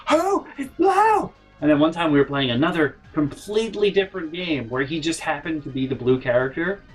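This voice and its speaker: A young man spins a rambling comic anecdote straight to his viewers, his voice a touch husky. He swears casually and drifts into mock-outraged tangents before dragging himself back to the story. The delivery is loose and conversational. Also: mid-range voice, poor audio. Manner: animated, rambling, swears freely, mock-indignant asides. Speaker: storytelling vlogger.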